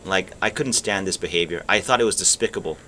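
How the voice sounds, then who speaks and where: A gaming streamer rambles and muses aloud as he plays, cursing casually and letting thoughts trail off unfinished. His low voice comes fast, pushed and bright, with a little hiss or hum behind it.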